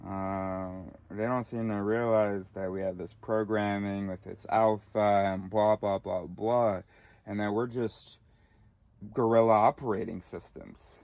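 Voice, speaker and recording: A man's voice: fairly low pitch, steady tone, unhurried, darkish tone, no echo, pitched below the performer's own voice. A man voicing an imagined self-aware male gorilla who talks in a casual, hesitant drawl. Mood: musing.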